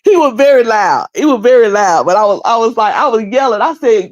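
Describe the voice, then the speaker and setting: Animated middle-aged Southern woman chatting. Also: fairly high pitch, brisk, few pauses, no room sound, highs cut off. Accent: Southern US, North Carolina. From High Point, North Carolina. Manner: animated, repeats phrases, often mimics other people. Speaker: livestream host. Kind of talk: casual chat to viewers.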